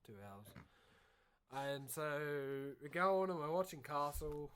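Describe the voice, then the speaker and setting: A man's voice: a little high, takes it slowly, clear, resonant tone. A young Australian man telling a long rambling story in casual podcast chat, swearing freely. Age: young adult. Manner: rambling, swears a lot, animated. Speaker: podcast co-host.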